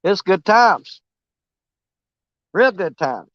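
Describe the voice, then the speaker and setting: Rigging fishing rods outside for his vlog, this man jokes at his own expense in a rambling, very animated way. He speaks slowly with long pauses in a fairly bright, higher voice. The audio is dull but has no room sound.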